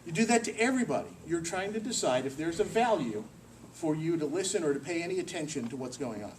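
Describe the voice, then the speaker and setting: A man giving a lively, joking presentation to a staff meeting and quizzing the audience as he goes. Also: a little high, fast talker. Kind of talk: workplace presentation. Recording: distant mic with faint hiss.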